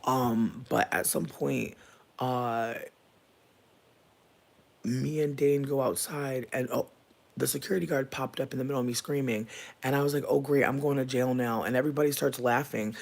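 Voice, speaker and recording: A man's voice: mid-range voice, fairly even intonation, normal speed, creaky, pauses often. A man telling an emotional storytime to his viewers, profane and rambling, full of fillers. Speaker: vlogger. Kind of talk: candid storytime rant.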